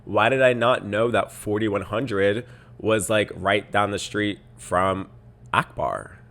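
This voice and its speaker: Bright-voiced man ranting on a podcast. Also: fairly low pitch, slow pace. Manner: exasperated, animated storytelling with mocking quoted voices. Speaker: podcast host. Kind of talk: casual podcast rant.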